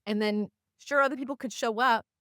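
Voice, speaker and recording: Woman, podcast guest, smooth clear voice, dry close sound, animated storyteller. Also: a little high, a little fast, dry recording. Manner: animated, acts out voices of people in her stories; chatty with many fillers. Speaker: podcast guest, community organizer. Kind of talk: casual storytelling in conversation.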